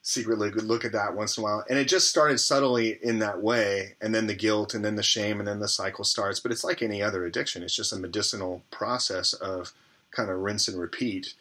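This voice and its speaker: A man's voice: on the low side, steady tone, brisk, sharp tone. A man as an interview guest, telling a candid personal story in a rambling way, full of fillers and restarts.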